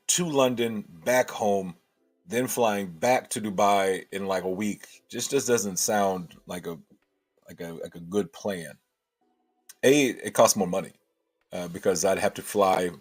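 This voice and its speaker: A man hosting a casual livestream, thinking aloud and answering chat with many restarts. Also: fairly low pitch.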